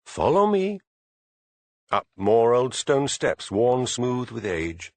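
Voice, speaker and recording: A man narrating an audiobook in a measured storytelling manner. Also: medium pitch, no room sound. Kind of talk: scripted narration.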